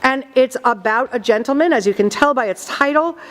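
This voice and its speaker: A woman drama teacher explaining slowly and deliberately to her class in a classroom. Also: sits high, fairly bright tone. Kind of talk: classroom instruction. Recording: long reverb in a classroom.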